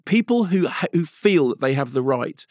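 A middle-aged man from England in casual chat, telling stories in an animated, emphatic, loud way. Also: on the high side, moderate pace, dry recording, clean studio sound. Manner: animated, emphatic storyteller who talks loudly.

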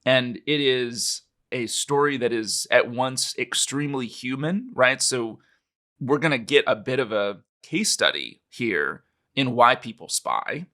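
A man's voice: mid-range voice, expressive, unhurried, bright, forceful tone. A man co-hosting a podcast in casual conversation, often checking in with "right?". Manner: conversational, with frequent "right?" asides. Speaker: podcast co-host.

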